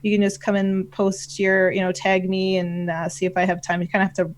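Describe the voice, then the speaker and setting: A woman's voice: medium pitch, completely flat delivery, a little fast, rough recording. Rambling, self-mocking woman on a live stream. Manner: rambling, self-deprecating, full of fillers. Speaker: panelist answering viewer questions. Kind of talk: casual live-stream chat.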